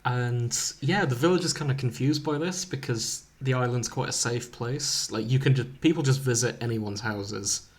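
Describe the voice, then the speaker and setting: A man's voice: medium pitch, normal speed, few pauses. A man co-hosting a casual comedy podcast, retelling a fan story with playful, dry jokes.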